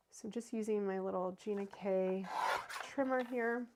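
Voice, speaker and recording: A woman's voice: medium pitch, normal speed, heavy background noise. A woman in her thirties hosting a card-making livestream, chatting casually and answering viewer comments as she works. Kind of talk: casual crafting demo with viewer chat.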